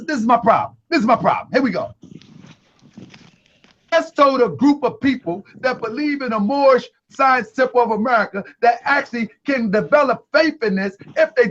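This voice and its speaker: A man hosting an online talk show, preaching emphatically and sometimes shouting. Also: extremely high pitch. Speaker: host. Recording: dull lo-fi sound.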